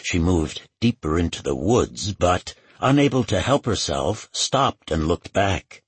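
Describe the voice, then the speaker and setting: A man reading a crime novel aloud as its narrator, in a steady, measured way. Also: low-pitched, slightly rough, no echo. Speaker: audiobook narrator. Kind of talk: scripted narration.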